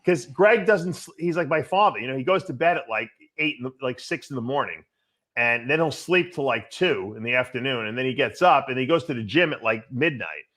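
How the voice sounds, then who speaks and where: A man's voice: medium pitch, expressive, a bit bright. A man on a casual talk show, teasing his friends with lots of "like" and "you know". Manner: rapid, teasing, filler-heavy. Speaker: co-host. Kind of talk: casual chat.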